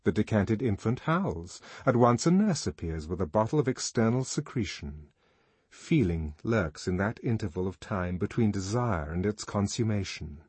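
A man narrating an audiobook in a measured, expressive reading. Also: lowish voice, slightly rough, dry recording. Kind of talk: scripted narration.

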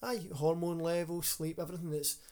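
A man's voice: on the high side, level tone, fairly quick, darkish tone, clean tone. A Scottish man co-hosting a podcast as a personal trainer, playful and joking. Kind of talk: casual podcast chat.

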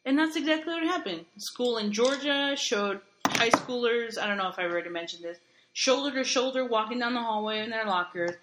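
A woman's voice: on the high side, brisk, slight background noise, low-quality recording. Sarcastic woman telling stories in casual chat. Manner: sarcastic, animated storyteller. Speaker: podcast co-host.

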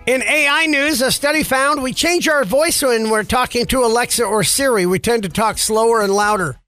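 A man with a very high voice runs a chatty radio-style podcast segment. He reads the news quickly and keeps tossing in dry, sarcastic comments. A clear music bed plays under him. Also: sharp tone, dry recording. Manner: wry, sarcastic asides on the news. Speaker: podcast host.

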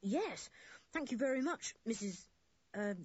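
A woman's voice: a little high, animated, a little slow, husky, no room sound, lo-fi sound, pitched above the performer's own voice. A woman doing a polite, sensible schoolboy.

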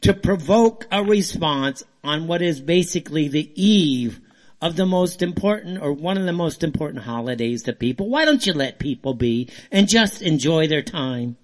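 A man's voice: on the high side, expressive, moderate pace. A man hosting a call-in talk show, ranting in a heated, fired-up way. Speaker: radio show host.

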